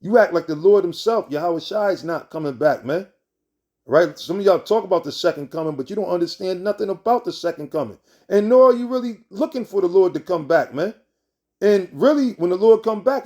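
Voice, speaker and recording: Heated, profane man preaching in a higher voice. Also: expressive, fairly quick, warm tone. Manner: heated, profane, repeats himself, tags lines with "man" and "right?". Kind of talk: informal preaching with scripture reading.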